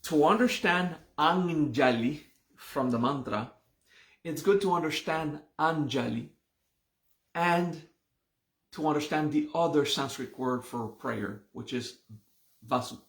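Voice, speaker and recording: A man's voice: on the high side, reverberant. A man teaching a live online class, patiently explaining word meanings and checking in often with the listeners. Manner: slow, patient explaining with frequent "okay?" checks. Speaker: meditation and mantra teacher.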